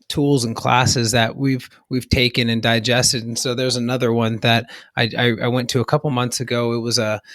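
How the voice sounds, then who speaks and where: A man's voice: mid-range voice, fairly bright tone, no room sound. Man, podcast co-host, casual discussion, rambling delivery, frequent restarts, mid-range voice, dry close sound. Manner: rambling, restarts often, laughs while talking.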